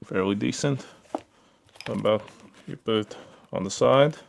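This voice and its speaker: Gravelly man reviewing gear casually. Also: on the low side, unhurried, a little hiss or hum. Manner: relaxed, repeats fillers like "pretty cool" and "yeah"; handles the gear while talking. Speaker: product reviewer.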